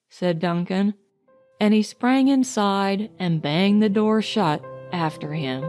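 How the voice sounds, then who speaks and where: Slow-reading woman audiobook narrator. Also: medium pitch, a little mellow, faint music behind. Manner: measured, unhurried reading. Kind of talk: scripted narration.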